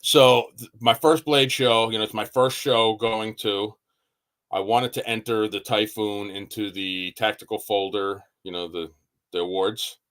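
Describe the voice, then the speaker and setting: A man with a low voice talks in a loose, unscripted podcast chat. He swears freely and acts out what people said as he tells a story. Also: fairly even intonation, measured pace, a bit bright. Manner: swears freely, tells stories with quoted asides. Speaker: knife maker guest.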